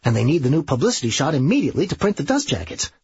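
A man doing Serge, a manic fast-talking schemer. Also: on the high side, big pitch swings, a little mellow, husky, no room sound, muffled recording, pitched above the performer's own voice, exaggerated voice. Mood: excitable.

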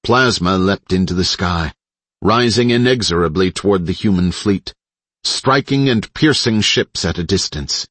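A man reading an audiobook in a steady, dramatic narrating style on a close mic. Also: low-pitched, a little slow, slightly rough, dry recording. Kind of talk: scripted narration.

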